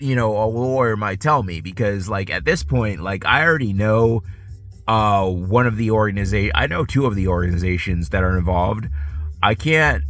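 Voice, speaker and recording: A man's voice: on the low side, a bit bright. A man with a stuffy nose, drowsy, rambling in a profane casual monologue full of fillers and restarts, recorded outdoors on a phone. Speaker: vlogger.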